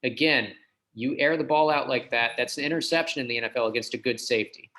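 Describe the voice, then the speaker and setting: A man's voice: mid-range voice, quick pace, bright, forceful tone, poor audio. A man on a podcast, giving emphatic, opinionated takes in casual sports chat.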